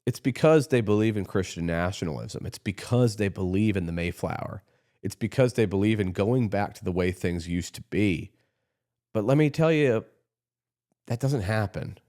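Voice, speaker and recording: A man with a fairly low voice hosts a podcast in a loose, heated monologue. He rambles and restarts his sentences while talking through politics in a casual way. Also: lively intonation, normal speed, a little mellow. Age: adult, runs his own company. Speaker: podcast host.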